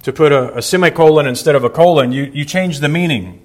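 A man's voice: on the high side, quick pace. A male pastor reading scripture aloud and then preaching a verse-by-verse sermon, explaining words with emphasis.

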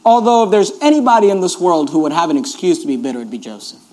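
A male pastor preaches a sermon with animated, repetitive energy, reading scripture and pressing his listeners to notice every point. His voice is high-pitched and his pace is quick.

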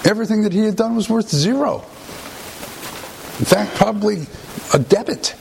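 A man preaching a conversational sermon, often pausing and restarting phrases. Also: high-pitched, gravelly, background noise.

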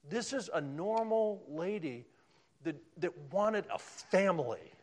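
Animated male preacher with lively pitch. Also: slow. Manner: animated, swings from loud emphasis to hushed near-whispers. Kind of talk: sermon.

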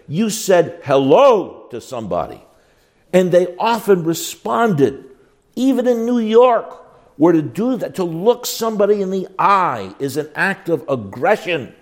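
An older man teaching a class on biblical counseling, folksy and emphatic, with frequent restarts. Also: measured pace. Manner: folksy, emphatic, with animated swoops in pitch and many restarts. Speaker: Bible teacher.

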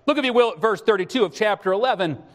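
A man's voice: sits high, lively intonation, fast, fairly bright tone. A middle-aged man preaching a sermon, pleading and emphatic, his voice rising in fervent bursts. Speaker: pastor. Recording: long reverb of a hall.

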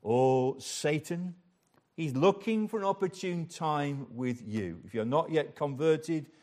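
A man preaching a sermon in a chapel, earnest and unhurried, at times turning to speak directly to the children. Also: on the high side, animated, darkish tone.

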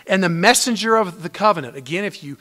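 A man preaching a sermon to his congregation as a pastor, swinging between loud emphatic lines and hushed near-whispers. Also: high-pitched, animated, fast talker. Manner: addresses congregation as brothers and sisters. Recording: long hall reverb.

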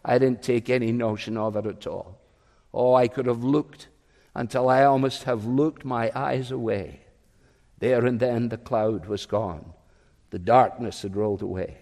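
A man voicing a young convert recalling the moment in a quiet, hushed way. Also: mid-range voice, steady tone, unhurried, gravelly, long reverb tail, pitched below the performer's own voice. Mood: awed.

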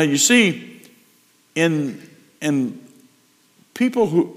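A man preaching a sermon, slow and emphatic, building in intensity. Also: mid-range voice, a bit bright, big-room sound. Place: church.

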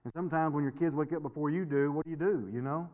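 A man's voice: on the high side, fast talker, dull audio. A middle-aged male pastor preaching a sermon in a folksy, storytelling way, repeating words and laughing often. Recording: long hall reverb.

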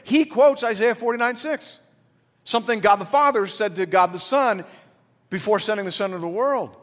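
A man's voice: high voice, moderate pace, a bit bright, big-room sound. A man preaching a sermon, explaining scripture verse by verse and acting out the quoted lines. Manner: expository teaching, acts out quotes in voices. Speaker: pastor.

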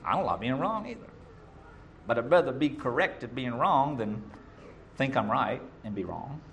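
A middle-aged man preaching a sermon as pastor, emphatic, swinging between loud bursts and quiet asides. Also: medium pitch, big pitch swings, normal speed, vocal fry, slight background noise.

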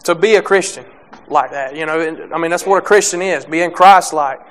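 A young man preaching a sermon, halting with many restarts and fillers, reading scripture and speaking plainly about faith. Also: on the high side, a bit bright.

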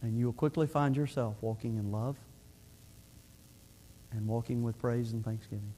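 A man's voice: medium pitch, fairly even intonation, moderate pace, mellow, a little hiss or hum. A middle-aged male pastor preaching a sermon in an earnest, conversational way, often restarting his phrases.

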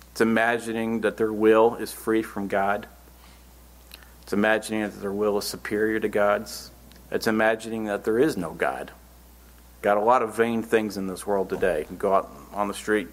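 A man preaching a Bible-teaching sermon, reading scripture verses aloud and then explaining them in earnest, plain words. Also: fairly low pitch.

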